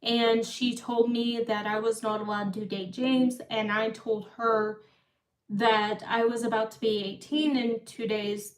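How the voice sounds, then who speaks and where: A woman in her thirties telling a rambling story on a live stream, often breaking off and restarting. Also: on the high side. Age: 30s. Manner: rambling, self-interrupting. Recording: echoey room, far from mic.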